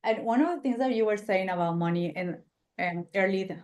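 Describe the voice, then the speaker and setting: A woman hosting a podcast interview, talking in a heated, animated way and swearing freely. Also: mid-range voice, fairly quick. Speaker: podcast host. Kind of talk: casual interview chat.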